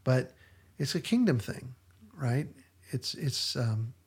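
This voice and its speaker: Male podcast host, mid-pitched, gravelly and slightly raspy, earnest and enthusiastic in casual talk. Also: animated, slow.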